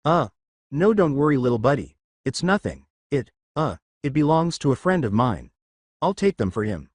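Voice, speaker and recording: A man's voice: mid-range voice, big pitch swings, normal speed, no echo, studio quality. A man voicing a cocky but kind-hearted male hedgehog hero in a storybook reading, stammering and fumbling for words. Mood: flustered.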